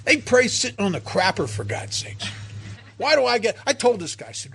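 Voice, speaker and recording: A man's voice: sits high, sing-song, brisk, creaky, pushed and bright, breathy edge. A man telling a personal recovery story to a meeting, emotional and self-mocking by turns. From United States. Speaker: recovery speaker.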